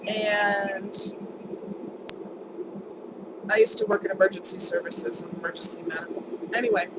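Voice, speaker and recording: A woman's voice: medium pitch, heavy background noise. A woman vlogger telling a personal story in a chatty, emphatic way, repeating words for stress.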